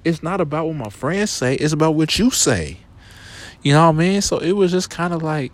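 A man's voice: a little high, expressive, a little fast. A young man hosting a podcast, casually telling a personal story to his listeners, his voice jumping up when exasperated. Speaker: podcast host.

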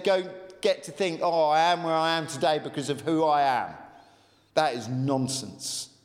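Emphatic preacher in a reverberant hall. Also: male voice, sits high. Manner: emphatic, rising and falling between raised intensity and quiet reflection. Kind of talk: sermon.

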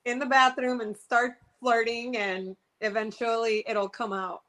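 A woman co-hosting a casual chat, chiming in with quick, laughing remarks. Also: fairly high pitch, level tone, a bit bright, poor audio. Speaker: co-host.

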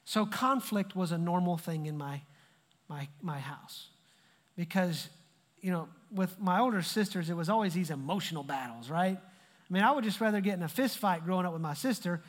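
High-voiced preacher in a reverberant hall. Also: male voice, lively intonation, moderate pace. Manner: conversational preaching with emphatic repetition. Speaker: pastor. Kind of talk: sermon.

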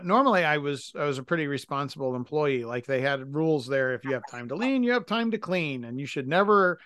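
A man's voice: fairly high pitch, a bit bright, smooth, no echo, studio quality. A man co-hosting a casual podcast, telling a work story in a rambling way and correcting himself often. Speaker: podcast co-host.

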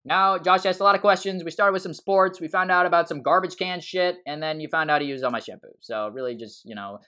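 A man co-hosting a podcast, telling stories in a quick, rambling, animated way. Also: fairly high pitch, clean tone. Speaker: podcast co-host. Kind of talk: casual podcast chat.

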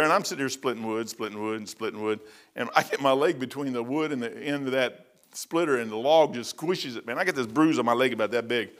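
A man's voice: medium pitch, fairly bright tone. A middle-aged man preaching informally, telling personal stories in an emphatic, folksy way.

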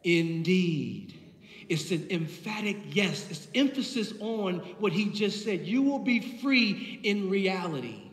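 High-voiced impassioned male preacher, echoey hall. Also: sing-song, measured pace, few pauses. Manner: impassioned, builds with repeated phrases. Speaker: pastor. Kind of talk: sermon.

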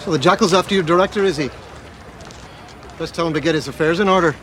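A man's voice: on the high side, fast, fairly bright tone, a little hiss or hum, lightly acted. An actor playing a boastful male prisoner with a forced, wobbly Irish accent, in a film scene. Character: cocky male Irish prisoner turned informant. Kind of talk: film dialogue.

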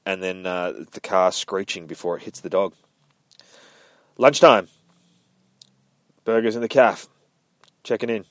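A man rambles through a comic book recap in a loose, offhand way and swears often. His voice sits a little low. The recording is dry and close, with no room sound. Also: unhurried, long pauses, no echo. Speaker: comic reviewer, podcast host. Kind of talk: casual comic read-through.

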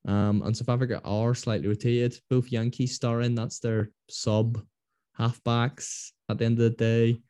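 A man's voice: mid-range voice, level tone, a little slow, warm tone, clear, resonant tone, no room sound, studio quality. A man hosting a casual rugby podcast, telling rambling stories. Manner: chatty, rambling storyteller. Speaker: podcast host.

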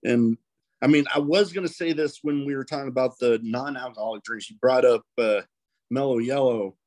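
A man hosting a podcast, asking questions and chatting in a relaxed way with fillers. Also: medium pitch, normal speed, no echo. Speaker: podcast host. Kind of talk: casual interview questions.

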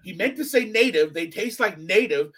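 A man hosting a podcast, telling a story in casual chat, profane and animated, acting out what others said. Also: normal speed, husky, low-quality recording. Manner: animated, profane, acts out quotes with big pitch swings. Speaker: podcast host.

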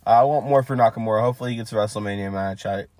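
A man's voice: lowish voice, rapid-fire, darkish tone, no echo. Casting: guy co-host, loose rambling play-by-play with fillers, dry close sound. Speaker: podcast co-host. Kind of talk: casual match recap.

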